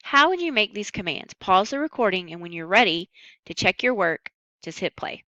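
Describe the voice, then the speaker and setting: A woman teaching a recorded language lesson, patient and upbeat, slowing down carefully on each Spanish word. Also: medium pitch, big pitch swings, bright, forceful tone, no room sound, rough recording. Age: adult.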